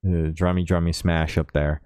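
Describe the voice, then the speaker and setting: Deep-voiced man, sarcastic podcast host. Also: little pitch movement, moderate pace, darkish tone, smooth, no room sound, clean studio sound. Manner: hesitant, filler-heavy, sarcastic. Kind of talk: casual chat.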